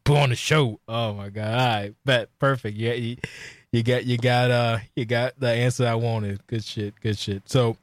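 A man's voice: mid-range voice, flat delivery, normal speed, no echo, clean studio sound. A man hosting a casual interview, joking loosely and often repeating his words. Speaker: podcast host.

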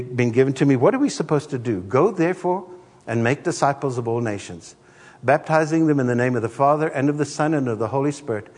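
Husky-voiced pastor preaching in a reverberant hall. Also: male voice, mid-range voice. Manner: animated storyteller, acts out voices. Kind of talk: sermon.

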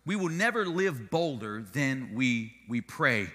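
A man's voice: medium pitch, takes it slowly, in a large hall. A male pastor preaching a sermon, telling stories with humor and energy. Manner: animated storytelling with humor.

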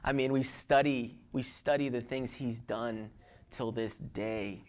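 Man, middle-aged, pastor, church sermon, emphatic, dynamic loud and soft, repeats himself. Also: mid-range voice, fairly even intonation, slow. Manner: emphatic preaching with swings from loud to hushed; repeats words and restarts while telling a personal story.

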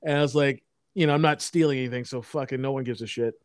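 A man's voice: medium pitch, fairly even intonation, fast talker, dry recording, clean studio sound. A man telling long, profane anecdotes in a casual chat, rambling with many restarts. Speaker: storyteller in a podcast chat.

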